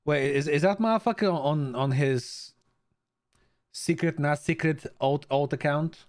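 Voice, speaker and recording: A young Bulgarian man with a fairly high pitch speaks at a measured pace while chatting casually with his live stream viewers. He stammers and restarts, swears freely, and says hello to chatters by name.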